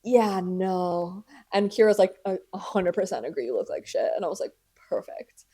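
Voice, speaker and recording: A woman's voice: medium pitch, expressive, fast talker, dark tone, slightly rough. A woman in her twenties hosting a podcast, telling a story in casual chat with sarcastic, dramatic asides and acted-out voices. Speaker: podcast host.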